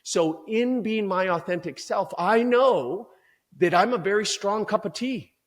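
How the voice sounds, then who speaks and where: Man, fairly high voice, performance coach, emphatic and energetic, motivational interview talk. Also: a little slow.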